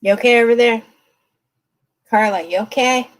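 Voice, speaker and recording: A woman's voice: fairly high pitch, moderate pace, poor audio. A woman giving tarot readings on a live stream, chatting straight to her viewers and laughing often. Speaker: tarot reader.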